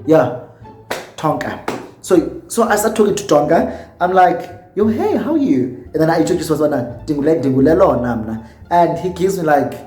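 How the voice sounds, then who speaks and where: A man's voice: on the high side, normal speed, a little mellow, faint music behind. Tipsy south african guy doing a storytime vlog, acts out all the quotes, echoey room. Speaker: YouTuber.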